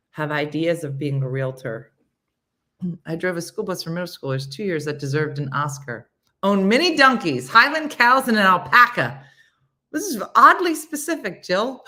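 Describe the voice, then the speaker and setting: A woman hosts a casual live chat and reads out what her viewers write. Her voice sits a little low but swings in a lively way, and her tone is bright and forceful. She plays around with squeaky put-on voices and soft whispers. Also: normal speed. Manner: animated and playful, jumping into silly high voices and soft whispers. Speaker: host.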